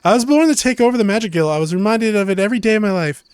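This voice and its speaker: A man's voice: high voice, lively intonation, racing, a little mellow, clean tone, no echo. A man reading aloud the lines of a dutiful young female mage, heir to a magic guild, in a solemn, resolved way. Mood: earnest.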